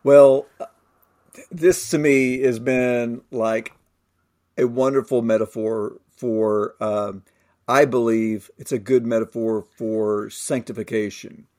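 A man co-hosting a Bible discussion podcast, thoughtful and halting, reading scripture aloud. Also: medium pitch, fairly even intonation, a little mellow. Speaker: podcast co-host.

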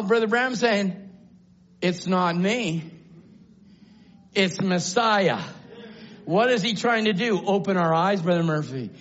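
Male preacher, high-pitched, shouting sermon in a church sanctuary, muffled recording. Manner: swings from low musing to shouted exclamations.

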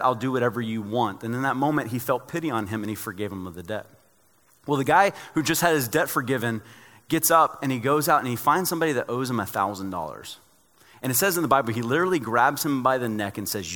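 Animated man preaching in a big hall. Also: medium pitch, fast talker. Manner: animated storytelling, acts out dialogue. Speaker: pastor. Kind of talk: sermon.

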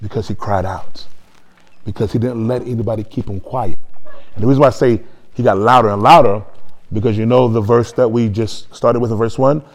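A man preaching a sermon, telling a story quietly and then building to loud, shouted praise. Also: mid-range voice, steady tone, fairly quick. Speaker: pastor.

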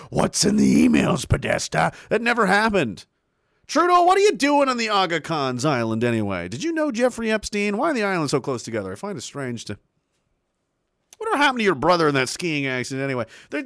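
A man's voice: a little high, fairly bright tone, no room sound. A man ranting angrily on a livestream, sarcastic and indignant, swearing freely and answering his chat. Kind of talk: angry livestream rant.

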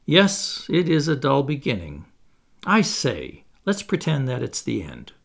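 A man's voice: medium pitch, wildly swooping pitch, measured pace, creaky, a bit bright, full character voice. A man reading aloud and voicing a cheerful young boy who speaks happily. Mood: happy. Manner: cheerful, happy.

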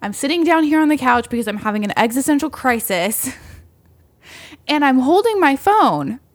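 Animated young woman telling a story. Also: high-pitched, moderate pace, no room sound. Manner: animated, laughs often, acts out quoted voices. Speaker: podcast co-host. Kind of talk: casual storytelling chat.

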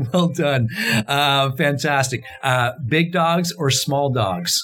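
A man co-hosting an interview show, playful and quick to laugh as he runs through light questions. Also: fairly high pitch. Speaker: co-host. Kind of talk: casual interview chat. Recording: noisy line with clicks.

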